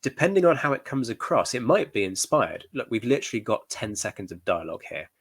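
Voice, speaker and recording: A man's voice: mid-range voice, big pitch swings, quick pace, slightly rough, dry recording. A male historian giving reaction commentary, thoughtful and hedging, with frequent fillers.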